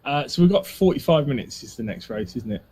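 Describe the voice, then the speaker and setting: A man's voice: medium pitch, lively intonation, brisk, a little mellow, slightly rough. A man racing and chatting on a voice call, teasing and offhand. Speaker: racer and co-commentator. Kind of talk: casual chat while racing. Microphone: gaming mic on a voice call.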